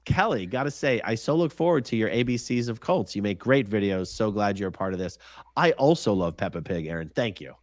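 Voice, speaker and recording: A man's voice: on the low side, expressive, brisk, dry recording. A man hosting a live-stream panel chat, reading viewer comments aloud and pressing guests with pointed questions. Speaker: host.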